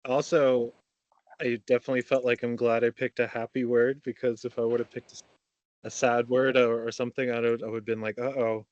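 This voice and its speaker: A man's voice: medium pitch, flat delivery, fairly quick, dry recording, highs cut off. A man taking part in a workshop on a video call, chatty and good-humored. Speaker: workshop participant.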